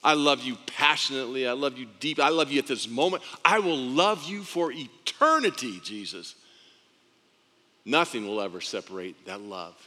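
A man voicing God the Father as a tender, loving parent speaking softly to his son. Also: on the high side, normal speed, close to an everyday voice. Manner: soft, intimate, reassuring. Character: tender loving heavenly father, deep and gentle. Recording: long reverb of a large hall.

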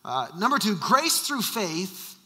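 Bright, high-voiced male pastor preaching. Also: big pitch swings, takes it slowly, in a large hall. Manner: emphatic, repeats rhetorical questions. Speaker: senior pastor. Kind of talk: sermon.

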